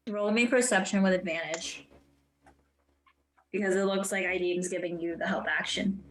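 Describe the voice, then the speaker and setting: A woman runs a tabletop game as game master, narrating at an easy pace. Her voice sits in the middle range. She fills pauses with ums. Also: medium pitch, rough recording. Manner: relaxed, with frequent ums.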